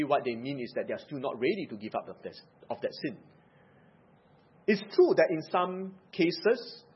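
A man preaching a sermon, pressing hard on key words and dropping into quiet asides. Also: fairly high pitch, slightly rough. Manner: emphatic, swings between loud stresses and quiet asides. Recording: dull lo-fi recording.

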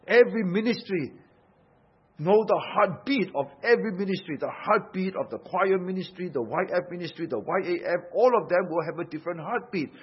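This sermon comes from a male pastor whose high voice has a breathy edge. He preaches emphatically, asking rhetorical questions as his intensity rises and falls, all captured in dull lo-fi sound.

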